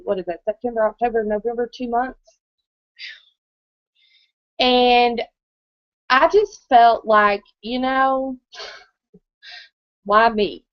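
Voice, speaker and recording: Her voice sits on the high side as this woman in her thirties recounts her story at a live presentation. She's conversational, frequently checking in with the crowd during the motivational testimony. The audio is muffled, dull and dry, with no room sound.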